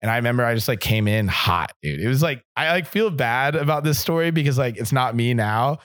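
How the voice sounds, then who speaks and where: A man's voice: medium pitch, expressive, brisk, a bit bright, no room sound, studio quality. A man telling a long personal story as an interview guest, rambling with many fillers and acting out what people said. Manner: rambling, filler-heavy, acts out quotes.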